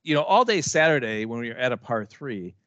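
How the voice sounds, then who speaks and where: A man's voice: medium pitch, big pitch swings, a little fast, a bit bright, no room sound, muffled recording. A man co-hosting a podcast, telling a long story in casual chat with many false starts and restarts. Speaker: podcast co-host.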